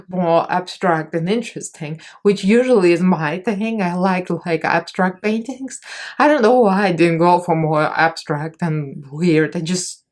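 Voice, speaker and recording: A woman makeup artist chatting casually in a vlog, rambling and poking fun at herself as she talks through a tutorial voice-over. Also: on the low side. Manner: chatty, rambling, self-mocking.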